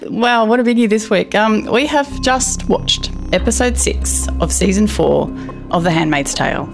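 A woman's voice: mid-range voice, normal speed, gravelly, music in the background. A woman hosting a podcast, chatting casually and laughing often, a little emotional. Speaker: podcast host. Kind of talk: casual chat.

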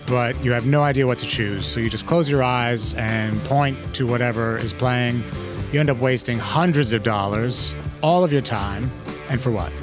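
A man co-hosting a film podcast, playful and hyperbolic as he introduces the episode. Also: medium pitch. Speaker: podcast co-host. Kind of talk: energetic podcast intro and chat.

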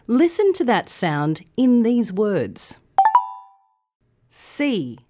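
A woman hosting a podcast, giving a clear, carefully articulated English pronunciation lesson. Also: mid-range voice, a little mellow. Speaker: language podcast host.

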